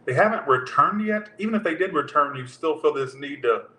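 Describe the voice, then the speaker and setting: A man's voice: a little high, lively intonation, brisk, bright, forceful tone. A man giving a casual tarot reading, talking loosely and straight to his viewers. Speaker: tarot reader. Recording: roomy echo with faint background hum.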